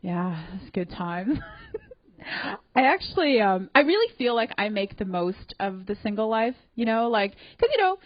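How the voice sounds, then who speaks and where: A woman's voice: on the high side, very animated, moderate pace, dull audio. A young woman with a Canadian accent doing a self-deprecating stand-up comedy set on a club stage, chatty and full of fillers. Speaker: stand-up comic.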